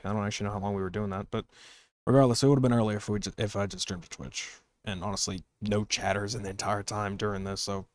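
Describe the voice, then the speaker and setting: A man's voice: fairly low pitch, no room sound. A young man hosting a casual podcast, rambling and self-deprecating, with a slight lisp. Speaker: podcast host and streamer.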